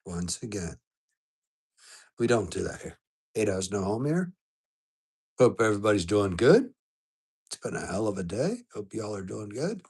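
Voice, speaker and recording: A man streaming live, casually greeting viewers one by one, bright and upbeat on hellos and low and soft when things turn serious. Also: very animated, moderate pace, long pauses, slightly rough. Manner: upbeat greetings that jump high in pitch, softer and lower when serious.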